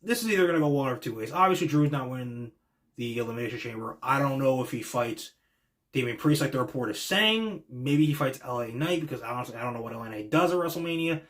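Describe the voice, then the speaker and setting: A man with a medium-pitched, slightly bright voice talks fast with lively intonation. As a podcast host giving a casual wrestling reaction monologue, he works through his predictions in a rambling, opinionated way with lots of fillers.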